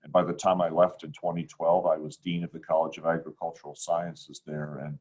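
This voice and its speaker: A man in his sixties from Ohio, answering interview questions in a measured, reflective way with frequent pauses and fillers, speaking over a video call. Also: a bass voice, little pitch movement, a little mellow, slightly rough, poor audio. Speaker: university provost, guest.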